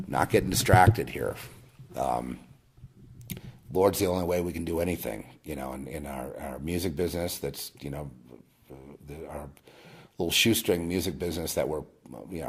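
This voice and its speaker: A man with an extremely low, breathy-edged voice hosts his own video, giving a rambling personal testimony. He restarts often and swings between loud, emphatic bursts and quiet murmurs.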